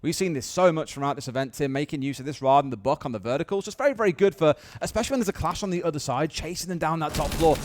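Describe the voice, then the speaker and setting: A man casting an esports match, calling the action play by play and getting excited on big plays. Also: on the high side. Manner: fast, excitable, rises to shouts on big plays. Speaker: esports caster. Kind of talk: play-by-play commentary.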